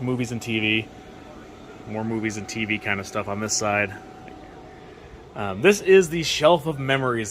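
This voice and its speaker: A man at an ordinary middle pitch gives a casual walking tour of his toy store. He talks quickly and excitedly, tripping over his words and restarting sentences as he goes. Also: a little hiss or hum. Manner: excited, fast-talking with restarts.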